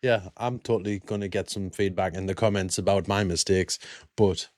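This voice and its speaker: A British man hosting a reaction video, chatting excitedly and poking fun at himself. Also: deep voice, normal speed, faint music behind. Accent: British English. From England. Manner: excitable, self-mocking, chatty. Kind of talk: casual reaction commentary.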